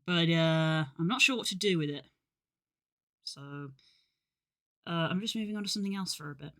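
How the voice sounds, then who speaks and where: A streamer talks casually into a desk mic, with a bright, sharp edge to the voice. The talk rambles with many fillers and restarts, a little short of breath, and is often self-deprecating. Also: mid-range voice, normal speed. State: slightly out of breath. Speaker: live streamer. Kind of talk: casual live-stream chat.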